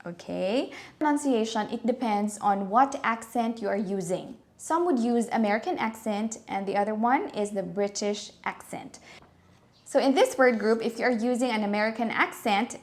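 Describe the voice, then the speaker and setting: A woman with a Filipino accent giving a casual pronunciation lesson, enunciating each word slowly and deliberately and mixing in Tagalog asides. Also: a little high, lively intonation. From Philippines. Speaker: pronunciation teacher.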